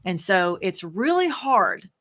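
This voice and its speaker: A woman, a widow, talking candidly to the camera, soft-spoken and earnest, halting and searching for words with many fillers. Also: mid-range voice, sing-song. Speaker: widow sharing her experience. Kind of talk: candid personal talk to camera.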